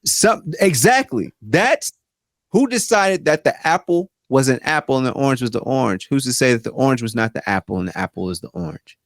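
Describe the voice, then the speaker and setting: A man co-hosting a podcast in casual chat, rambling and animated with many restarts. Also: mid-range voice, a little fast, no echo, clean studio sound. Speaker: podcast co-host.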